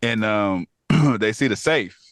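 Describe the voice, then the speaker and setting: Podcast co-host, man, low voice, animated recap, dry close mic. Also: takes it slowly, no room sound. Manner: laughing, animated retelling of plot with quoted lines. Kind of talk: casual review chat.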